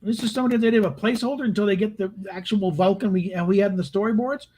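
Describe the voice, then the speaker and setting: A man's voice: high-pitched, rapid-fire, darkish tone, breathy edge, rough recording. A man giving casual, rambling spoken commentary on a film, with frequent restarts and exasperated asides. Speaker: video host reviewing a film.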